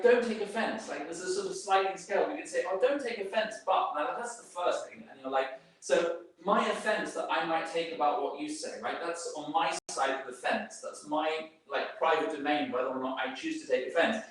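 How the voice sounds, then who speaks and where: A man's voice: fairly high pitch, moderate pace, few pauses, fairly bright tone. A man giving an informal talk to a group, rambling through many fillers and restarts. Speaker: speaker giving a workplace talk. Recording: very echoey room, speaker far from mic.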